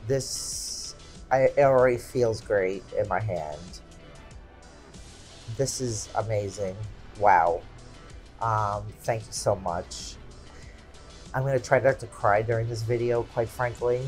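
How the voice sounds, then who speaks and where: A woman's voice: rumbling low, slow pace, long pauses, darkish tone, faint music behind. A woman in her forties hosting a craft channel, chatting casually and exclaiming often as she unboxes gifts at home.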